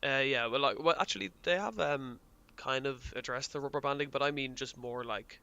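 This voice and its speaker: A man's voice: mid-range voice, a little fast, bright, forceful tone, muffled recording. A man co-hosting a podcast in casual chat, explaining things at length with small chuckles between points. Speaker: podcast co-host.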